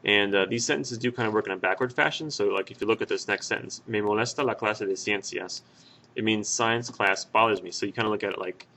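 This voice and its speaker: A man with a lowish voice walks through a Spanish grammar lesson as a voice-over. He explains patiently, pausing on fillers and correcting himself as he goes. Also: vocal fry, sharp tone. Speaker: Spanish teacher. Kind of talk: screen-recorded grammar lesson.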